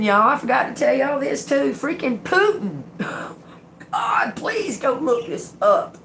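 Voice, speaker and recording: Woman, livestream tarot host, slow drawl, lower voice, faint room hum behind. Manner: rambling, emphatic, talks straight to viewers. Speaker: tarot reader hosting a livestream. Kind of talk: casual livestream chat. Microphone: phone or webcam livestream.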